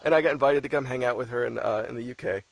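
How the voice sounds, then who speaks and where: A man's voice: mid-range voice, racing, gravelly, no room sound. A man, an audiobook narrator, chatting casually on a live stream, laid-back and swearing freely as he tells stories with a laugh. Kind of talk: casual chat.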